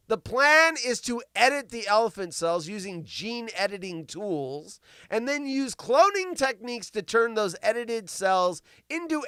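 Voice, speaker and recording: Man, host, high bright voice, crude joking, animated, self-mocking. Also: smooth, no echo, clean studio sound. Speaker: show host. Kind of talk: live comedic news chat.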